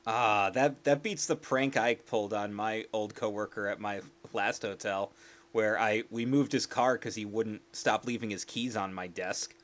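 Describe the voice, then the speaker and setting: A man swapping prank stories in casual chat, laughing often and getting loud when he acts out what people said. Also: lowish voice, moderate pace, lo-fi sound. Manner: laughing, animated, gets loud when quoting. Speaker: former hotel worker sharing a story.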